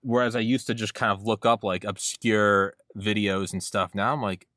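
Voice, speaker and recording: A man with a low-pitched voice hosts a casual podcast interview. He rambles excitably and leans on "like" constantly. The sound is dry and close, with almost no room echo. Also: normal speed. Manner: rambling, excitable, heavy use of "like". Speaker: podcast host.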